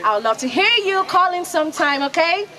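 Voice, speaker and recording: A woman from Nigeria, a storyteller and radio host, telling a children's story with lively call-and-response. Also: very high voice, fairly quick, low-quality recording. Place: outdoor festival kids' area. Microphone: handheld microphone. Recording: outdoor crowd noise in background.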